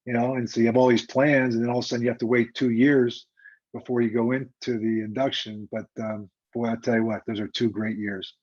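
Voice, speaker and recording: An older man, a retired football coach, telling a story in a lively, emphatic, conversational way during an interview. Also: medium pitch, fairly quick. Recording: dull lo-fi remote audio.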